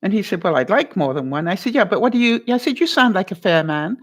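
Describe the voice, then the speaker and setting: An older woman vlogger giving life advice, telling a story in a casual, animated way and acting out both sides of a phone call. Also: medium pitch, quick pace.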